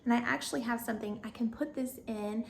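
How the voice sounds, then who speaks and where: A woman's voice: fairly high pitch, fast, creaky, slight background noise. A young woman with a Southern US accent, chatting casually and bubbly in a home decor vlog, laughing often.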